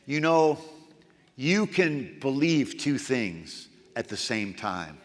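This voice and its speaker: A man preaching a sermon as pastor, swinging from loud, emphatic outbursts to hushed, quiet passages. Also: mid-range voice, sing-song, takes it slowly, long reverb tail.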